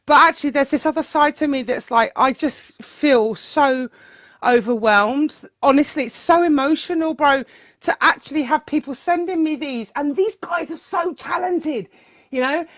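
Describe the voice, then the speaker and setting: A woman DJ speaking as a guest in a casual interview, animated and emotional, often repeating her words. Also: high voice, normal speed.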